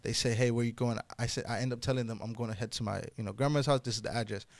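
A young man telling a wild story in casual podcast talk, swearing freely and getting loud and high-pitched when excited. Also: very fast, dry recording.

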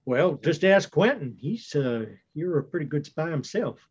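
A man's voice: fairly high pitch, lively intonation, moderate pace, husky. A man playing a tabletop game, chatting in a joking, laid-back way. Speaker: player. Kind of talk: casual chat. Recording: dull lo-fi sound.

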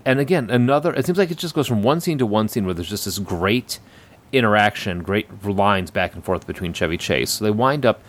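A man's voice: lowish voice, expressive, fairly quick. Man rambling through a movie recap. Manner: rambling, laughs often, many ums. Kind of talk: casual movie recap chat.

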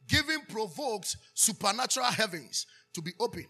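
A Ghanaian-accented pastor preaches a sermon in a high, pushed, bright voice with a breathy edge and lively intonation, at normal speed with frequent pauses, faint music behind him. He calls out questions for the congregation to answer and slips into Twi.

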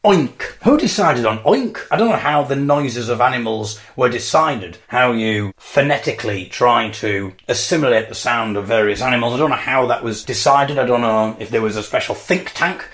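Man, wry solo podcast host, playful musing, very animated pitch. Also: normal speed, hardly any pauses. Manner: wry, playful, acts out mock debates.

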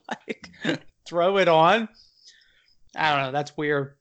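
A man co-hosting a podcast, chatting and joking in a loose, animated way. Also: fairly high pitch, slow, clean tone, muffled recording. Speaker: podcast co-host. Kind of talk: casual chat.

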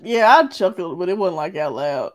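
A young woman in her twenties with a Southern US accent, co-hosting a podcast in laid-back casual chat with quick comebacks. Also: lowish voice, expressive. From Jackson, Mississippi, US. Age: 20s. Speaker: podcast co-host.

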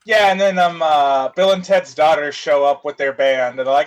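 A man with a notably high voice talks through a film's story in a loose, rambling way. He swears casually and circles back on himself. It's relaxed, unscripted conversation. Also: normal speed, few pauses, low-quality recording. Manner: rambling, loose, swears freely, many fillers. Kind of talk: casual chat retelling a movie plot.

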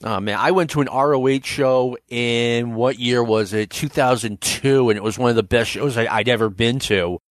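A man's voice: medium pitch, normal speed, hardly any pauses, dry recording, studio quality. A man in his fifties hosting a casual podcast, telling stories with lots of energy and acting out the quotes. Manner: animated storyteller, acts out shouted quotes. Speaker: podcast host.

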